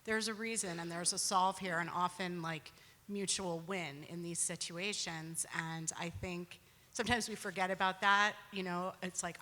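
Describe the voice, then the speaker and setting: A woman's voice: fairly low pitch, fairly even intonation, normal speed, pushed and bright. A woman speaking casually on a conference panel, full of "like" and "you know". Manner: casual, many "like" fillers. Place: conference hall. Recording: reverberant hall.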